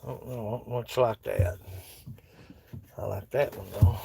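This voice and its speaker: A man's voice: medium pitch, expressive, normal speed, gravelly, long pauses, mellow, slight background noise. A man with a drawl, chatting in a folksy, joking way while tidying his workshop. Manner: folksy, joking, talks to viewers and objects. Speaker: woodworking vlogger. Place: cluttered home workshop.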